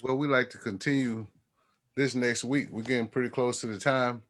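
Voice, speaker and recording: A man hosting a talk show, encouraging his guest in a halting, casual way. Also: medium pitch, fairly even intonation, fairly bright tone. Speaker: host.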